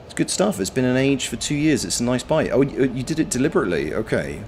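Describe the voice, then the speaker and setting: A man and voice actor giving live-stream gameplay commentary, swearing freely as he yells at the game and chats with viewers. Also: medium pitch, brisk, hardly any pauses, a little hiss or hum. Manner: animated, swears freely, talks to the game and to chat.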